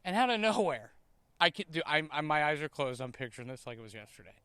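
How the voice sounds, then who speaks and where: A man hosting a podcast, telling a story in a casual, animated way, tripping over and repeating his words. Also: fairly high pitch, fast talker, clear, resonant tone, no room sound. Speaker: podcast host.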